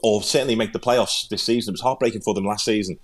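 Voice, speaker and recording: Low-voiced Liverpool man chatting football. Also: fast talker. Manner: rambling, repeats words as he thinks. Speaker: podcast co-host and pundit. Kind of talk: casual football chat.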